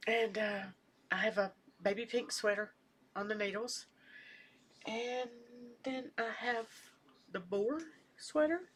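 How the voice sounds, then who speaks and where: An older woman chatting casually at home as a knitting vlogger, rambling and soft-spoken, sometimes trailing off into near-whispers. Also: on the high side, slow, pauses often, slight background noise. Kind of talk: casual chat.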